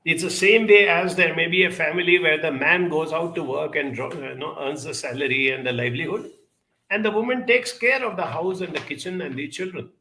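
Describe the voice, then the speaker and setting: A man answering audience questions in a reflective advice talk, speaking in a measured, deliberate way with frequent pauses. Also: a little high, pushed and bright, roomy sound, low-quality recording.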